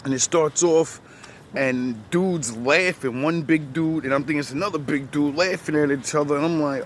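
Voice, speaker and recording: A man speaking in a fairly high voice, rambling through a story in casual chat. He uses a lot of street slang and swearing, and faint noise sits behind him. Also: moderate pace.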